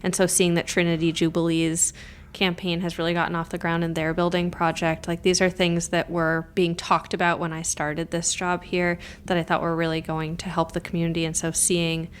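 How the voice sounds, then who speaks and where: A woman's voice: lowish voice, completely flat delivery, moderate pace, clean tone. A woman being interviewed as a guest, talking in a friendly, easygoing way. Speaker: museum executive director, guest. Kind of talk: casual interview chat.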